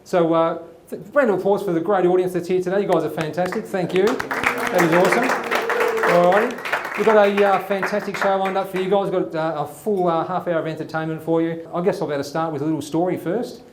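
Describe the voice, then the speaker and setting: Man, comedy host, higher voice, rambling stand-up, roomy echo, faint hum. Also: fairly even intonation, brisk, a loud crowd. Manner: rambling, chatty, many fillers. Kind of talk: live stand-up storytelling. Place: studio before a live audience.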